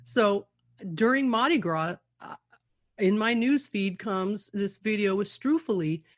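A woman co-host telling an animated story in casual radio talk. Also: medium pitch, measured pace, no echo, studio quality. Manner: animated storytelling, laughs often.

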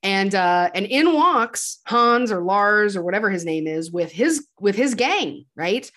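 Unhurried yet animated, a woman with a medium-pitched, slightly bright voice tells the plot of a film while co-hosting a podcast. She quotes characters and laughs occasionally in casual chat, with slight background noise behind her.

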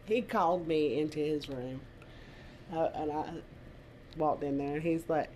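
A woman's voice: sits low, slow pace, pauses often, slight background noise. A woman co-hosting a podcast in casual chat, telling stories with frequent laughter. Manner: laughs often, animated storytelling. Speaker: podcast co-host.

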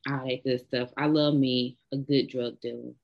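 A woman's voice: very deep voice, little pitch movement, moderate pace, vocal fry, highs cut off. A woman with a Southern US accent, co-hosting a casual chat and telling bold, blunt stories. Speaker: podcast co-host.

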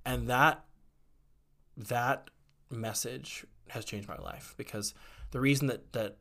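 A man's voice: mid-range voice, takes it slowly, vocal fry, a bit bright. A man, a guest in an interview, candidly telling personal stories in a conversational way, with many fillers and acted-out quotes.

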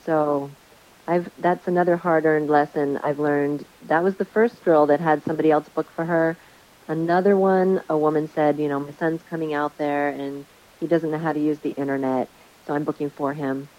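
Woman, casual chat, lowish voice, animated storyteller who acts out quotes, dull lo-fi sound. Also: moderate pace. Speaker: Airbnb host sharing stories.

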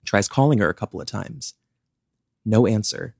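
A man's voice: lowish voice, normal speed, creaky, darkish tone, no echo, studio quality. A young man co-hosting a podcast, casually telling a true-crime story with lots of "like" fillers. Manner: chatty, many "like" fillers. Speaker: podcast co-host.

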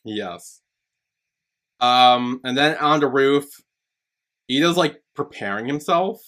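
A man hosting a casual podcast chat. He recaps scenes haltingly, full of fillers, and acts out characters' lines. His pitch sits in a middle range. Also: expressive, a bit bright. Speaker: podcast host.

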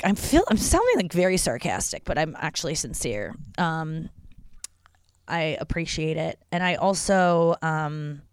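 A woman's voice: low voice, sing-song, measured pace, clean tone, no echo, studio quality. A young woman hosting a casual solo podcast from her porch at home, chatty and rambling, swearing freely. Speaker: podcast host.

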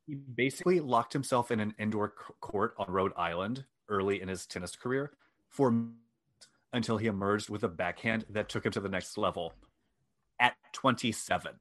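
Low-ish guy telling a story on a podcast, wry and joking at himself, reads off notes sometimes. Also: normal speed, a bit bright. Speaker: podcast host. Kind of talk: casual storytelling chat.

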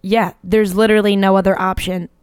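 A woman's voice: medium pitch, level tone, brisk, a little mellow, clean tone, no room sound, clean studio sound. A young woman co-hosting a podcast in casual chat, telling stories in slang and laughing often. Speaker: podcast co-host.

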